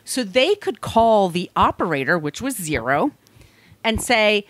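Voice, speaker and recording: A woman's voice: mid-range voice, sing-song, a little slow, fairly bright tone, dry recording. A woman co-hosting a podcast, telling a true crime story in a blunt, conversational way. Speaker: podcast co-host.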